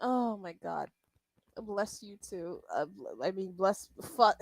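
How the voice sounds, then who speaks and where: A woman's voice: mid-range voice, expressive, slow pace, vocal fry, darkish tone, dry recording, low-quality recording. A young woman streaming while she draws, chatting in a rambling, casual way, swearing and laughing often. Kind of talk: casual livestream chat while drawing.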